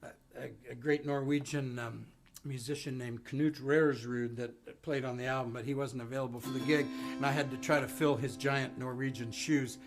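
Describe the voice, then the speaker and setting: Male folk musician, gravelly voice, rambling and self-deprecating, guitar behind. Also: medium pitch, steady tone, moderate pace, few pauses. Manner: rambling, self-deprecating storytelling with many ums. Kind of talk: casual song introduction on live stream. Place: home studio. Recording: live music stream with guitar.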